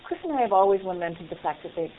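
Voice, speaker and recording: Woman, interview guest, animated and chatty, lowish voice; tinny phone-quality line. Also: quick pace, a little hiss or hum. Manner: animated, laughs often, restarts. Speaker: actress being interviewed. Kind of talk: casual interview chat.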